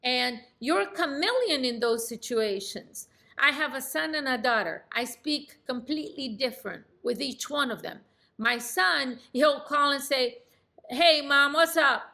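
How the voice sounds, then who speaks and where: Bright, forceful middle-aged woman coach. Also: high-pitched, unhurried, creaky. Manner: animated and demonstrative, acts out phone calls. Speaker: real estate sales coach. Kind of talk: coaching lesson.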